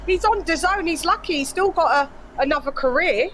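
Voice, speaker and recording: A man's voice: very high voice, moderate pace, bright, forceful tone. A man with an English accent in a casual boxing chat, agreeable and talkative. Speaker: boxing show co-host.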